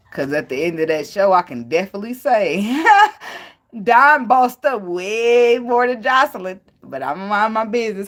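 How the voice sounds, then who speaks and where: A young woman reading tarot and giving blunt relationship advice in a casual, profane way, laughing often and wandering off on tangents. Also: fairly low pitch. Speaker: tarot reader. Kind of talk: casual spiritual advice talk.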